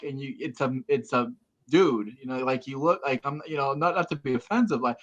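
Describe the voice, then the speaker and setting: A man chatting casually as a guest, his voice bright and forceful as he rambles and trips over restarts. The audio is dull and lo-fi. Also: mid-range voice, fairly quick. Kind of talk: casual chat.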